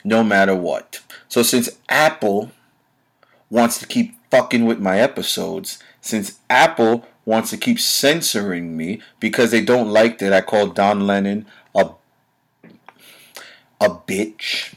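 A man's voice: fairly low pitch, slow pace. A man hosting his own podcast, delivering a blunt, profane, confrontational solo rant full of rhetorical questions aimed at his listeners. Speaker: podcast host.

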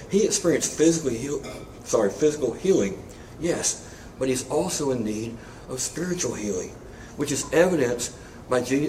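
Male pastor, sermon, relaxed and conversational, echoey room, mic a bit distant. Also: medium pitch, slight background noise. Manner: conversational preaching with casual asides and humor.

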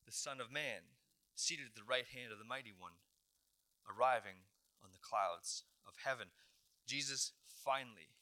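A man's voice: medium pitch, measured pace, sharp tone. A man, a pastor, preaching a sermon, retelling a story dramatically with emphatic repetitions.

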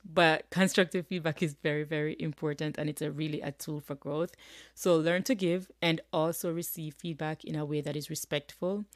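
A woman's voice: low-pitched, steady tone, moderate pace, dry recording, clean studio sound. A woman from rural Jamaica with a Jamaican accent, hosting a podcast in a chatty, frank way with frequent tag questions. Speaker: podcast host. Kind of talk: casual podcast monologue.

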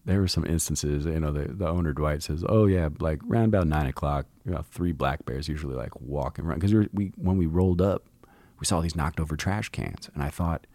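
A middle-aged man with an extremely low, rumbling voice tells a long anecdote in a loose, swearing, laid-back way, putting on voices for the people he quotes. The sound is close and dry, with no room to it. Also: a little fast, warm tone, dry recording. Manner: profane, laid-back storyteller who acts out quotes. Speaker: podcast host. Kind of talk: casual storytelling monologue.

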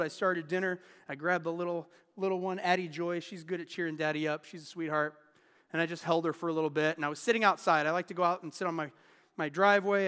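A man's voice: fairly high pitch, fairly bright tone, clean tone, big-room sound. A man in his thirties giving a sermon as pastor, telling personal stories in an earnest, candid way. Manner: earnest, candid storytelling with restarts.

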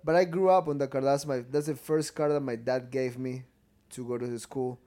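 A man's voice: mid-range voice, fairly even intonation, fairly quick, dark tone. Man from Ecuador, English. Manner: broken English, swears casually. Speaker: podcast co-host. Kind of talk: casual chat.

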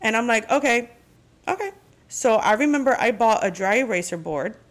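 A woman's voice: a little high, animated, a little fast. A woman hosting her podcast in a casual chat, talking candidly and venting with frequent swearing. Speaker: podcast host.

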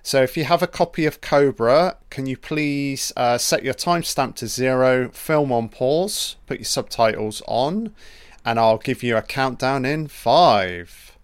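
A man hosting a casual film commentary, reacting excitably and swearing freely as the film plays. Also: medium pitch, a little slow, smooth, no room sound, clean studio sound. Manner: profane, excitable running reactions.

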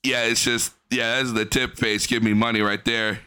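A young adult man giving profane reaction commentary on a stream, mocking and animated. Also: mid-range voice, moderate pace, clear, resonant tone, no room sound.

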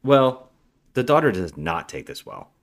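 Deep-voiced man retelling a movie plot. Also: a little slow, creaky. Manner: animated retelling with acted-out dialogue. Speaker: co-host of a bad-movie podcast.

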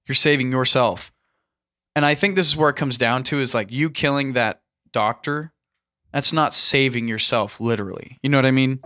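Earnest man, halting delivery with restarts, bright sound. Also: mid-range voice. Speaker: podcast host. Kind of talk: casual discussion.

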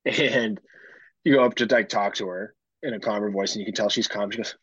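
A man's voice: on the low side, fairly quick, fairly bright tone, breathy edge, no room sound, highs cut off. A man co-hosting a casual podcast, talking bluntly and with profanity, teasing his co-host. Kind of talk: casual chat.

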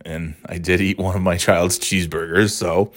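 A man's voice: low voice, moderate pace, no room sound, studio quality. A man telling a casual, swear-laden anecdote, tired and exasperated, with mocking asides. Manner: animated, swearing, mocking voices in quotes. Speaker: storyteller.

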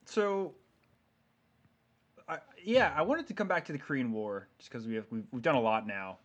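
A man's voice: mid-range voice, moderate pace. Chatty man hosting a film podcast. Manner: chatty and analytical, many fillers. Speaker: podcast host who picked the film. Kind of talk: casual film discussion.

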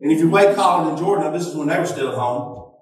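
A man's voice: a little high, lively intonation, fast talker, very echoey, far from the mic, poor audio. A middle-aged man preaching a sermon, telling homey stories and calling out to the congregation. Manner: folksy storytelling with audience call-outs. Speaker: pastor.

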